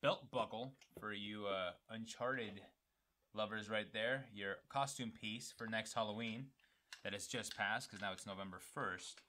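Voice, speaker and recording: Young male host, low voice with a bright, punchy edge, talkative and eager. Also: measured pace. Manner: excited, talkative, hypes the product. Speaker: show host. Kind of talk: casual unboxing chat.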